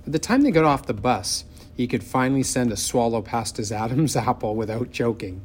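A man narrates an audiobook in a measured, expressive way. His voice sits at a middle pitch, and a faint hiss lies under the reading.

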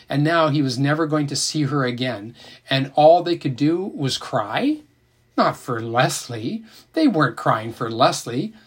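A man narrating an audiobook in an expressive, emotional reading style. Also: a little high, breathy edge.

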